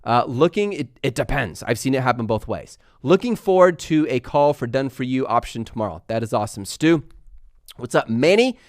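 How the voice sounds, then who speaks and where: A young man hosting a live stream, chatting fast and laughing as he answers viewer questions. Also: medium pitch, expressive, dry recording, studio quality. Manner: fast-talking. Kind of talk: live Q&A chat.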